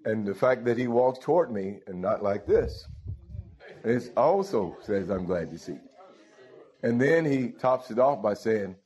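A man's voice: medium pitch, sing-song, unhurried, a little mellow, husky. A male pastor preaching a sermon, calling out to the congregation and chuckling as he goes. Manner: call-and-response, asks the congregation "Huh?" often, chuckles.

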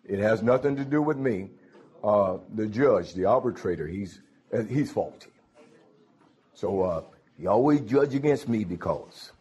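A man's voice: on the low side, expressive, unhurried, a little mellow, slightly rough. A man preaching a sermon, calling out to his congregation. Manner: folksy, calls out to the congregation.

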